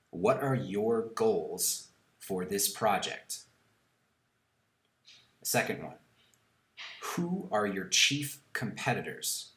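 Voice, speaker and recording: A man giving a recorded online lesson in an instructive way, repeating key questions slowly and deliberately. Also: lowish voice, a bit bright, reverberant. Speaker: course instructor.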